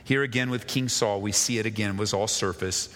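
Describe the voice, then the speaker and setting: A male pastor giving an expository sermon, reading scripture slowly and then explaining it with rhetorical questions. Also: fairly low pitch, fairly even intonation, fairly bright tone, long reverb tail.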